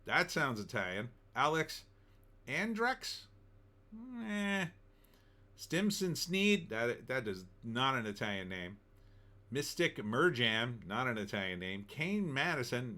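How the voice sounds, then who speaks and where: Lively, bright-voiced man ranting casually. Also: mid-range voice. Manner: chatty, wry, opinionated. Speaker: screenwriter and online show host. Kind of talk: casual movie trailer reaction rant.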